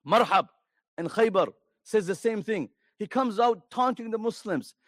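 A man delivering a storytelling sermon with an emphatic, urging manner, pressing his listeners with rhetorical questions. His voice sits higher than most men's. The recording is close and dry with little room sound. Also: animated, unhurried, dry recording. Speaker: preacher.

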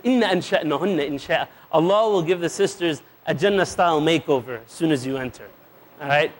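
Man with a high-pitched voice giving a humorous sermon, acting out lively little scenes and using Arabic phrases. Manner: playful storytelling, acting out little dialogues; sprinkles Arabic religious phrases into English. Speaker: preacher. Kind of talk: humorous sermon to a live audience.

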